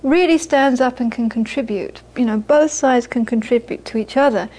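A woman's voice: fairly high pitch, moderate pace, darkish tone, rough recording. A middle-aged woman teaching Buddhism in an informal talk, chatty and repeating phrases for emphasis, often laughing. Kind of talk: informal dharma talk to an audience.

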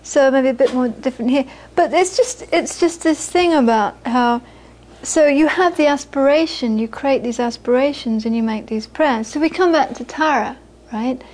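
A woman's voice: high voice, moderate pace, hardly any pauses, a little mellow. A woman teaching a group in a casual, chatty, anecdotal way, often laughing as she talks. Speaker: meditation teacher. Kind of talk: casual spoken teaching talk.

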